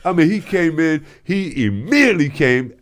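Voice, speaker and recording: A man's voice: fairly high pitch, big pitch swings, normal speed. An older man and former radio host telling stories casually and animatedly, slipping into voices and sound effects. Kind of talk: casual storytelling.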